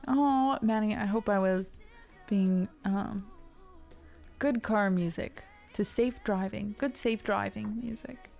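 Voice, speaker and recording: A woman's voice: mid-range voice, slow, gravelly, darkish tone. A woman music streamer chatting casually and affectionately with her viewers, laughing often.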